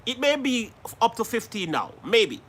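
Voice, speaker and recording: A man's voice: very high-pitched, sing-song, moderate pace, fairly bright tone, husky. A man from Jamaica hosting a live stream, chatting casually and greeting viewers by name, laughing often.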